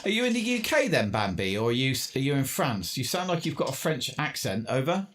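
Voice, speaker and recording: An English man making amateur radio contacts from his home station, his voice sitting at an ordinary middle pitch. He chats in a friendly way and mutters to himself while he tunes, with a faint hiss in the background. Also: sing-song, a little fast, fairly bright tone. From England. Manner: chatty, friendly, talks to himself between contacts. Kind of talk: casual on-air radio chat.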